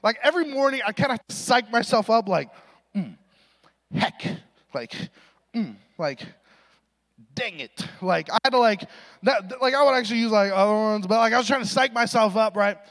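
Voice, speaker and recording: Young guy preaching, high lively voice, big echoey hall, jokes on himself. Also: quick pace. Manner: animated and self-deprecating, acts out voices in his story. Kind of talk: sermon with storytelling. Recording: reverberant hall recording.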